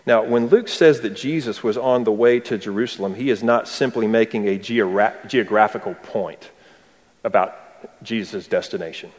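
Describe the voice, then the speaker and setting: A man's voice: fairly low pitch, normal speed. Man preaching in a reverberant hall. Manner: expository, with rhetorical questions and dry humor. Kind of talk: sermon.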